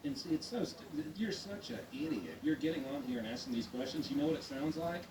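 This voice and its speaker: A man's voice: a little high, animated, a little fast. A man reacting to a clip, sarcastic and incredulous. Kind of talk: casual reaction chat. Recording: roomy, distant, noisy.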